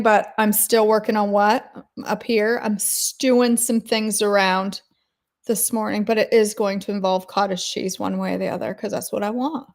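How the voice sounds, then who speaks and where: A woman's voice: mid-range voice, steady tone, normal speed, creaky. A woman hosting a daily devotional, leading an earnest spoken prayer and then chatting casually with her listeners. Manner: earnest, intercessory, repetitive phrasing. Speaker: devotional host.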